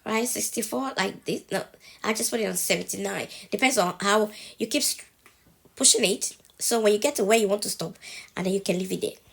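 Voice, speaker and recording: A woman with a cold speaks briskly at a medium pitch, her voice gravelly and slightly rough. She's a TikTok creator chatting through a casual step-by-step phone tutorial at home, checking in with the viewer after each step.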